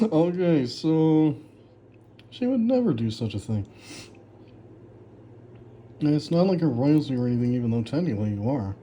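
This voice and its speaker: A man's voice: a little high, wildly swooping pitch, a little slow, pauses often, warm tone, breathy edge. A man in casual commentary, reacting sarcastically to his own old writing, mocking it and laughing often. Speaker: author reviewing his old story.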